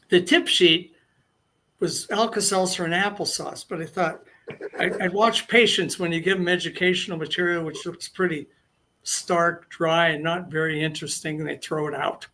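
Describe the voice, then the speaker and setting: An older man appears as a guest in a casual storytelling interview, rambling through long anecdotes and restarting his sentences. His voice is high-pitched, pushed and bright.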